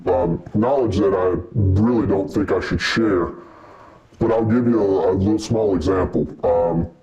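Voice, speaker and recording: A man's voice: low voice, dark tone, rough recording. A man playing a secretive former military officer who uses clipped jargon and hesitates with fillers.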